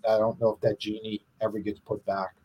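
A man's voice: fairly low pitch, monotone, fairly quick, a little mellow, slightly rough. Rambling middle-aged man, casual musician. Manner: rambling, self-deprecating, trails off. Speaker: independent musician. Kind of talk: casual podcast chat.

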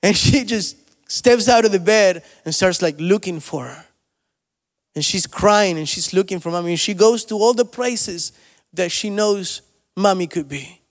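Male pastor, sermon, high voice, storytelling then rising exhortation, church sanctuary, long reverb. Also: measured pace. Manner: storytelling with shifts between soft asides and loud rising exhortation.

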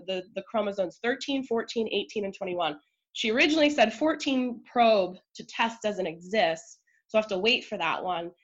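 A woman in the middle of her pitch range tells her own story as a podcast guest. She is emotional and talkative, with frequent "like"s and quick asides. The recording sounds a little dull and lo-fi. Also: fairly bright tone. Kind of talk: candid personal storytelling.

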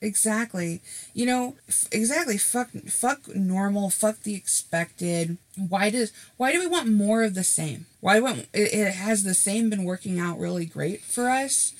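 A co-host on a casual podcast, with a strongly gravelly, creaky voice. They speak earnestly and reflectively, at a middle pitch. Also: lively intonation, measured pace.

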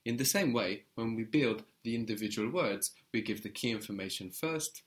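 A man's voice: medium pitch, expressive, moderate pace. A man teaching a one-to-one Turkish lesson, explaining patiently and repeating words for his student.

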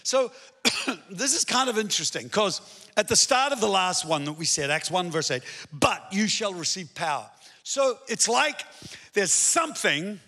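A male pastor preaching a sermon in an animated way, swinging between emphatic points and hushed storytelling. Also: high-pitched. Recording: long hall reverb.

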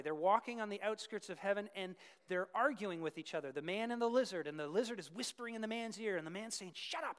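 A male preacher giving an emphatic sermon that builds to fervent peaks, with casual asides to the congregation. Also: high voice. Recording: long reverb of a large hall.

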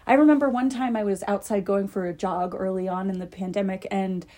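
A young woman hosts her own podcast in a loose, opinionated monologue. Her voice sits at a middle pitch, and she talks the way she would with a friend, filling gaps with "like" and leaning hard on the points she feels strongly about. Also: steady tone, brisk, warm tone. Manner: chatty, heavy use of "like", emphatic. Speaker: podcast host.

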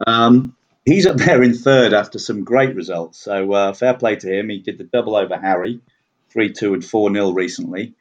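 A man's voice: fairly low pitch, normal speed. A man chatting casually and self-deprecatingly about his league standings, rambling with many fillers. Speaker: league player reviewing standings. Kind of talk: casual podcast chat. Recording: dull lo-fi audio.

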